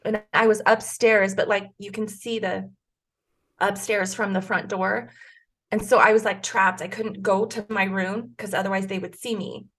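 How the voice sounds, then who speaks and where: A woman's voice: mid-range voice, flat delivery, normal speed, a bit bright. A woman in her forties telling a personal story as a podcast guest, earnest and emotional, with frequent restarts. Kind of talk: casual conversation.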